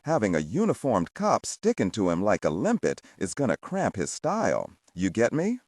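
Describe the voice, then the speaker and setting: A man playing a gruff, bossy police captain. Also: fairly low pitch, huge pitch swings, normal speed, darkish tone, no echo. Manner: blunt, pushy, rhetorical questions.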